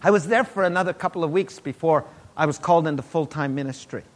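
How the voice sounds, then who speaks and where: A middle-aged man preaching, his voice sitting high for a man. He tells a personal story in sermon style, lively and animated, rising to loud exclamations and dropping to hushed asides. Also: fast talker.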